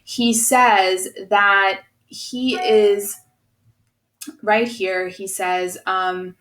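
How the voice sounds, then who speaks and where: A woman's voice: medium pitch, steady tone, drawn-out words, a bit bright, echoey room, rough recording. Woman teacher explaining to her class. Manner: explanatory, checking in with students. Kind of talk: recorded class lesson.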